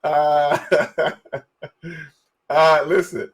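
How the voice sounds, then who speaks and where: Excitable middle-aged male podcast host. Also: fairly high pitch, extremely slow. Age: 40s. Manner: excitable, laughs often, repeats words. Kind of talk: casual interview chat.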